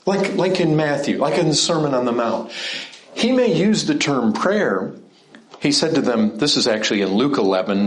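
A middle-aged man delivers a sermon in a conversational style, asking his listeners question after question. His slightly high voice swings widely in pitch. The sound carries a noticeable room echo. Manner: animated, conversational preaching with rhetorical questions. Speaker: preacher.

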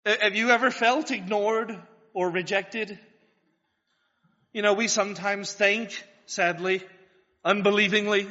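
A man's voice: high voice, fairly even intonation, measured pace, pushed and bright. A man preaching a sermon, earnest and building to fervent pleas, asking his listeners questions. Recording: dull lo-fi sound with long hall reverb.

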